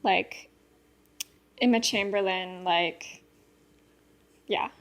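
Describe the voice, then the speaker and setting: A woman's voice: medium pitch, fairly even intonation, drawn-out words, fairly bright tone. A young woman co-hosting a podcast in casual chat, giggly and rambling with lots of filler words. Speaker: podcast co-host.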